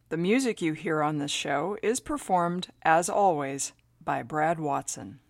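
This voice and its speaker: A woman's voice: lowish voice, no echo, studio quality. A woman, the host, reading a scripted introduction to her interview show. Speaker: podcast host.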